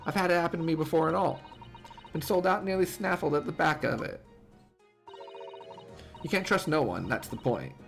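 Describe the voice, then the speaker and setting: A man's voice: on the high side, lively intonation, normal speed, vocal fry, long pauses, soft background music. A man doing a surly cockney street-urchin girl. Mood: defiant. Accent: put-on Cockney. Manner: defiant, dismissive, slangy. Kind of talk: reading game dialogue aloud.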